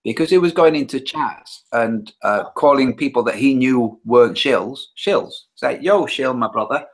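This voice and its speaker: A man chatting quickly in a casual hangout on a video call. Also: medium pitch. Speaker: hangout participant. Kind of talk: casual chat.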